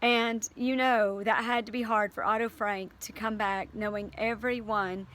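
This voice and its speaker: A woman's voice: on the high side, steady tone, a little slow, a bit bright. A woman teacher reading aloud to her class and then talking it over earnestly, with fillers and restarts.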